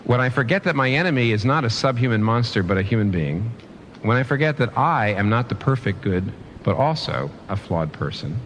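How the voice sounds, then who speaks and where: Male pastor mid-sermon: expressive, swooping delivery, faint hiss behind. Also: mid-range voice, a little fast. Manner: animated preaching with rhetorical questions and restarts.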